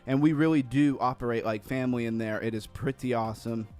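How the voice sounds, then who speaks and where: A man's voice: mid-range voice, fairly even intonation, quick pace, darkish tone, clear, resonant tone, faint music behind. A man hosting a casual crypto livestream, upbeat and rambling, a little out of breath after cardio. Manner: upbeat, reads chat names aloud, rambling. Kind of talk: casual live-stream chat.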